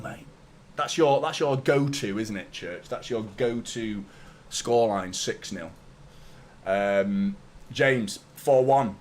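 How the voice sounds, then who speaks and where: Man, football fan host, chatty, greets viewers, swears casually, brightish pitch. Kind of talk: live football watchalong chat.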